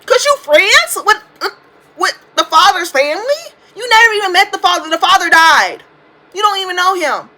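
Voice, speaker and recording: A woman's voice: very high-pitched, normal speed, poor audio. A woman in her twenties hosting a podcast, giving a casual, profane, slang-filled rant about a reality TV show. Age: 20s. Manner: animated, profane, ranting with slang. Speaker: podcast host. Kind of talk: casual reality TV commentary monologue. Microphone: phone.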